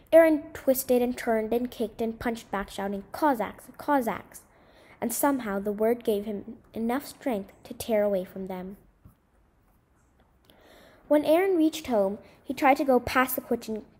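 A woman reading a short story aloud in an expressive, dramatic way. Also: a little high.

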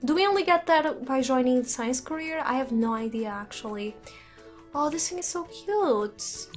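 A woman's voice: high-pitched, animated, moderate pace, soft background music. A young woman casually commenting on her life-sim game, giggling often and talking to the characters and to her viewers. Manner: giggly, chatty, laughs often. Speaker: gaming channel host. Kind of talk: casual let's-play commentary. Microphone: desk condenser mic.

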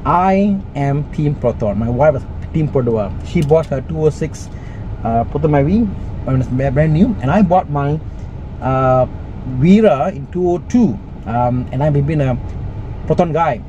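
A man's voice: fairly high pitch, expressive, unhurried, dark tone, dull audio, a little hiss or hum. A middle-aged man with a Malaysian English accent, chatting enthusiastically through a car walkaround with lots of exclamations. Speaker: car reviewer.

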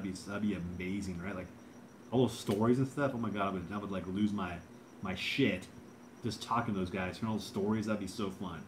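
A man's voice: fairly low pitch, noisy background. A man in his thirties hosting a casual livestream, reading out chat and rambling with lots of fillers and repeated words.

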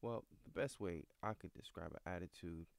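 A man's voice: deep voice, moderate pace, vocal fry, no room sound. A man hosting a motivational podcast, speaking earnestly and driving points home by repetition. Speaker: podcast host. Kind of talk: motivational talk.

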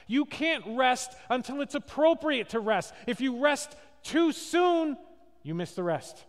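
A male pastor delivers a sermon in a high voice at an unhurried pace. He tells stories with acted quotes and keeps asking the congregation questions. A long church-hall reverb trails his words. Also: a bit bright. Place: church sanctuary.

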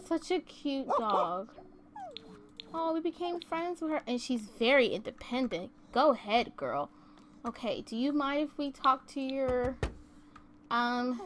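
High-voiced woman chatting over gameplay. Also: animated, measured pace, a bit bright, slight background noise. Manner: chatty, giggly, exclaims often. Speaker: gaming YouTuber. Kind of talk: casual let's-play commentary. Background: faint game music.

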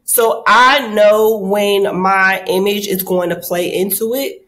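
A woman's voice: medium pitch, takes it slowly. Woman chatting candidly, full of swearing. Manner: candid, animated storytelling with acted-out quotes; swears casually. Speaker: host. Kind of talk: casual chat.

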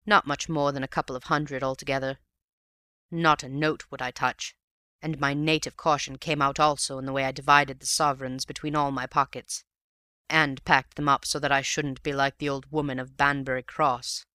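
A man narrating a story aloud in a measured storytelling manner. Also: medium pitch, level tone, bright, forceful tone, clear, resonant tone, no room sound, studio quality. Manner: measured storytelling, addressing a friend. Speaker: audiobook reader.

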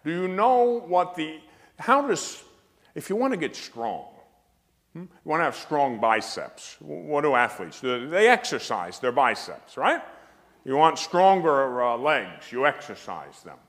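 Man, priest, spiritual lecture, emphatic, dry humor, animated pitch, long hall echo. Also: measured pace.

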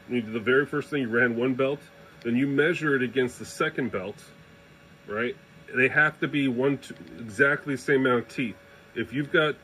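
A man's voice: medium pitch, a bit bright, a little hiss or hum, rough recording. A man giving a casual hands-on tutorial, talking loosely and checking in with the viewer as he demonstrates. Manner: informal, loose phrasing, demonstrates while explaining, checks in with "right?". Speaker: 3D printing hobbyist demonstrating.

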